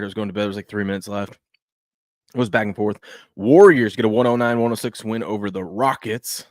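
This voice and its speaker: A man hosts a loose, casual sports talk show, his voice sitting a little low. He rambles and trips over his own sentences, restarting as he goes. The sound is close and dry, with no room around him. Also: no echo. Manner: rambling, repeats himself, frequent restarts and fillers.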